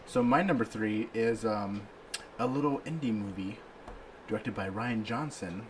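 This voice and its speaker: A man co-hosting a podcast, describing films in a relaxed, rambling way. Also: on the low side, measured pace, noisy background. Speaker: podcast co-host. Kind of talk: casual chat.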